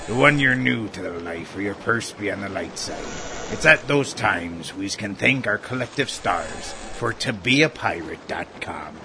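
A man playing a gruff, bossy pirate bosun, speaking old-timey pirate dialect in a booming, hearty manner. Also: animated, unhurried, few pauses. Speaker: ad pitchman in character. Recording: noisy recording.

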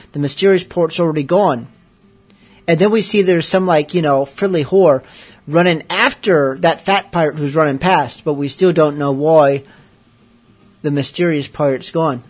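A man's voice: on the high side, normal speed, soft background music. A man hosting a late-night show, chatting casually with rambling, joking asides. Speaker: radio show host.

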